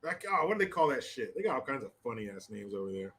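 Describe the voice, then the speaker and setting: A man's voice: mid-range voice, big pitch swings, quick pace, fairly bright tone. An American man hosting a livestream. He reads chat comments aloud with crude, laughing, mocking banter. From United States. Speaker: host.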